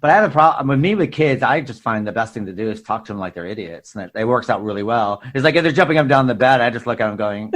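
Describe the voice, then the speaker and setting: Man with deadpan dry humor. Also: mid-range voice, very fast, hardly any pauses. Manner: deadpan, dry humor, laughs at his own jokes. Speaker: podcast co-host. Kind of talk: casual chat.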